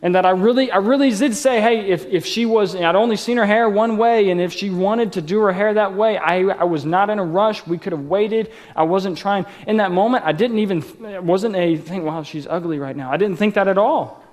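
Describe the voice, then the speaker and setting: A man's voice: high voice, a little fast, hardly any pauses, a little mellow. A man preaching a sermon as pastor at a live church service, casual and joking as he tells personal stories. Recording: long reverb of a large church hall.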